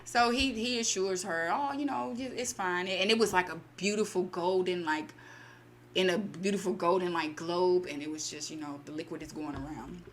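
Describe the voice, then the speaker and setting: Woman, fairly low voice, casual story retelling, chatty with lots of fillers, faint background hiss. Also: fairly even intonation, moderate pace. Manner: chatty, many fillers and quoted asides. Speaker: story channel host.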